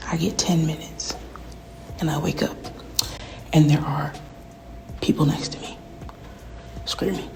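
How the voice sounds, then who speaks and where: A woman in a candid, rambling, profane monologue, often dropping to a hushed whisper. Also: deep voice, fairly even intonation, a little slow, vocal fry, long pauses. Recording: noisy background.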